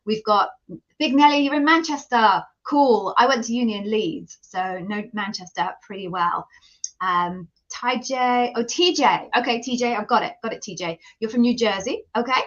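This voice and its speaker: British woman on a live stream, bright forceful voice, kinda dull lo-fi sound, chatty and self-deprecating. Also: on the high side, moderate pace. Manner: chatty, greets viewers by name, self-deprecating. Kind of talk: casual live-stream chat and self-introduction.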